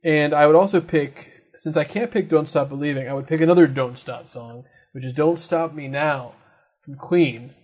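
A man leads a casual podcast chat, upbeat and full of jokes. His voice sits a little high for a man. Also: a little mellow, slightly rough. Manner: upbeat, jokey, quick asides. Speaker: podcast host.

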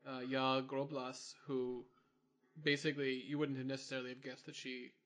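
A relaxed man in casual podcast chat about movies, speaking at an ordinary mid-range pitch. He is easygoing and laughs readily between points. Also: normal speed. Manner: relaxed, chatty, laughs easily. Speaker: podcast co-host.

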